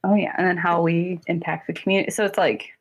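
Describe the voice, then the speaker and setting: A woman guest therapist talking casually in an interview, chatty and quick, laughing often and saying "like" a lot. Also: lowish voice, steady tone. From North Carolina, US.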